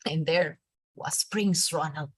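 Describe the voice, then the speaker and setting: A woman teacher with a Colombian accent, reading a storybook aloud to a class with expressive, animated delivery before moving on to teaching. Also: low voice, slow pace, breathy edge, no echo. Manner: expressive, animated read-aloud with acted character lines. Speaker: teacher leading a reading workshop.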